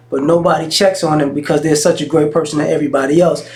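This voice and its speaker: A man's voice: a little high, fairly even intonation, racing, hardly any pauses, darkish tone. A man vlogging in a casual monologue, telling stories frankly in slang and often restarting his sentences. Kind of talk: casual talking-head monologue.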